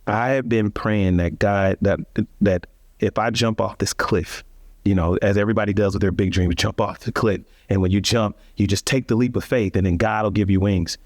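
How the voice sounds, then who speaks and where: A man's voice: on the low side, fairly even intonation, normal speed, darkish tone, no room sound, studio quality. A man telling his life story as a guest in an interview, earnest and reflective, with frequent restarts and emphatic rises.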